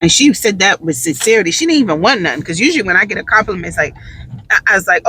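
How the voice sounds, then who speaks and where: A tired mother in casual storytelling, talking in an animated, sassy way and leaning on emphatic repeats. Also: medium pitch, very fast, husky. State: tired, drained. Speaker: mother and vlogger.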